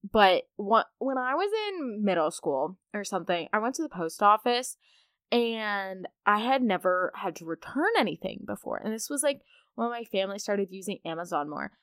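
A woman's voice: mid-range voice, lively intonation, normal speed, a bit bright, clear, resonant tone, no echo, clean studio sound. A teenage girl hosting her own podcast, chatting casually and rambling on with self-mocking asides. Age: late teens. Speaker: podcast host. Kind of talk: casual solo podcast chat.

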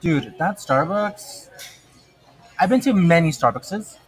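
A man's voice: fairly high pitch, expressive, slow pace, husky. A man co-hosting a casual podcast chat, rambling and easily sidetracked, laughing often. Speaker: podcast co-host.

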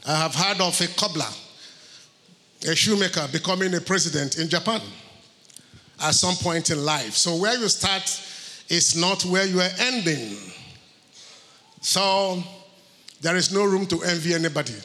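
A man preaches a sermon to his congregation, driving points home through repetition. His voice sits high and sounds bright and forceful. The recording carries a long reverb from the church hall. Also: moderate pace, long pauses. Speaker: pastor.

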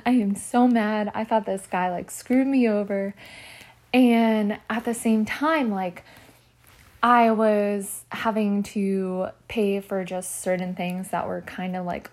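A young woman telling a personal story in a vlog, chatty and animated, with "like" in nearly every sentence. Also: on the low side, creaky. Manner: chatty, fills speech with "like"; animated and emotional while retelling. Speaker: vlogger.

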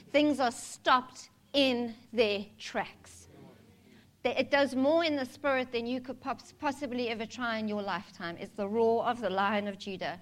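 A woman's voice: fairly high pitch, a bit bright. A woman preaching a sermon in a candid, conversational way, mixing humor with scripture.

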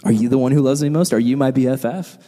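A man voicing Jesus, asking a follower soft, probing questions. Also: mid-range voice, fast talker, long reverb tail, lightly acted. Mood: questioning. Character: gentle questioning male teacher Jesus.

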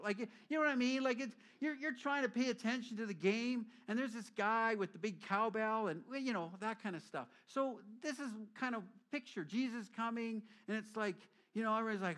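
A middle-aged man preaching a sermon as a pastor, telling stories lively and acting out quoted voices. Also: high voice, moderate pace.

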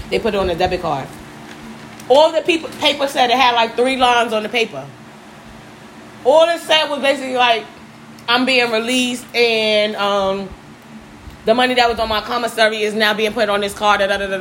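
Woman, casual chat, blunt and animated, fairly high voice, faint background noise. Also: rough recording. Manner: animated, blunt, swears freely.

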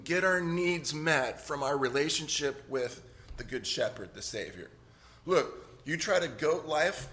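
With a fairly high, a bit bright voice, a middle-aged pastor delivers a relaxed sermon laced with humor. He keeps asking the congregation "right?" in frequent conversational asides.

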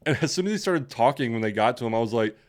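A man's voice: mid-range voice, expressive, very fast. Rambling, laughing young man. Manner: laughs often, rambling with many restarts. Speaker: podcast co-host. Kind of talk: casual chat.

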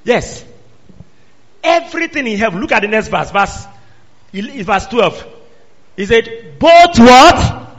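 A man preaches a sermon in a fairly high voice, turning to the congregation with repeated questions and rising emphatic cries. The sound is dull and lo-fi, and a long reverb trails each phrase around the church hall. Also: big pitch swings, measured pace, long pauses, slightly rough. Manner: call-and-response, quizzing the congregation, emphatic rising shouts.

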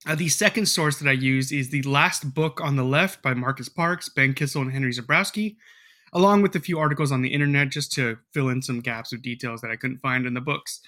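A man's voice: medium pitch, fairly quick, pushed and bright. A man hosting a casual podcast, telling a story in a rambling way with lots of fillers and swearing. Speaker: podcast host.

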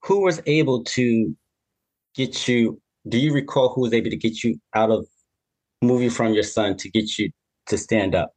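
A man's voice: medium pitch, moderate pace, darkish tone, rough recording. A man hosting an interview, a sympathetic listener who affirms his guest. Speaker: interview host. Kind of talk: conversational interview.

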